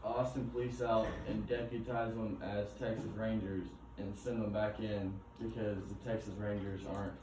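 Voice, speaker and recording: A man's voice: lowish voice, little pitch movement, moderate pace, hardly any pauses. A young man, a student, chatting casually and hedging his claims in class. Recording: very echoey room, distant mic, background noise.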